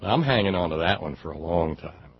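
Male talk radio host, low-pitched, combative and mocking, loose delivery, muffled audio. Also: lively intonation, fairly quick, gravelly, slightly rough. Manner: sarcastic, combative, many fillers and restarts. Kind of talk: political talk radio monologue. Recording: dull lo-fi radio audio with faint noise.

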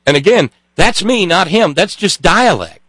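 Give me a man telling a story in a casual chat, halting and restarting, with a dry sound. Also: high voice, lively intonation, fairly bright tone, no room sound, rough recording. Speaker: co-host.

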